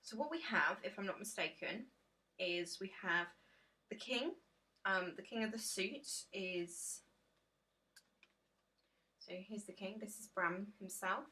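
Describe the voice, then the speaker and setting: A woman's voice: medium pitch, slow, long pauses, sharp tone, slight background noise. A tired woman, chatting casually and rambling through a tarot deck reveal on her vlog, full of ums and self-deprecating asides. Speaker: tarot vlogger.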